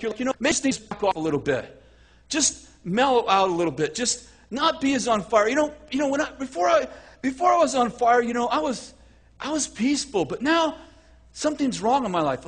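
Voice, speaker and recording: Husky high-voiced male preacher. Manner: animated, acts out voices, self-correcting. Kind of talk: sermon.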